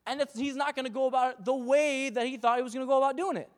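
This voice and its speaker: A young pastor delivers a lively sermon, slipping in little acted voices of doubting people. His voice sits high for a man. The sound rings with the long reverb of a church hall. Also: very fast.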